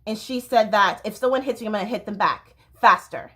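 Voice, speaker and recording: A woman's voice: medium pitch, fairly quick, sharp tone, slightly rough. A woman hosting a podcast, talking alone in an impassioned, rambling way and often breaking off mid-sentence. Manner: impassioned, rambling, self-interrupting. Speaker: podcast host. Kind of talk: casual monologue. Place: home near a train line.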